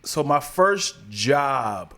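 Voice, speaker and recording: A man chatting as a podcast co-host, his voice sitting in an ordinary middle pitch. He tells stories in a relaxed, rambling way, restarting and repeating phrases as he goes. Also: extremely slow. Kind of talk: casual chat.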